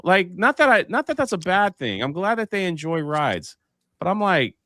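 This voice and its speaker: A man hosts a live panel chat and tells his anecdotes with lots of life, acting out each voice along the way. His voice sits a little high and bright, swinging widely in pitch. The sound is close and dry. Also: big pitch swings, normal speed, no room sound. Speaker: live show host. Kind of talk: casual panel chat, storytelling.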